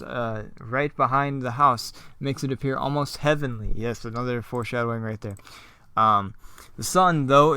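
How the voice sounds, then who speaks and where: A man reads his own play script and comments on it as he goes. He rambles, with plenty of fillers and side remarks. His voice is smooth and the recording close and dry. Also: medium pitch, pushed and bright, no echo. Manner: rambling, with many fillers and asides. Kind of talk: casual script reading with commentary.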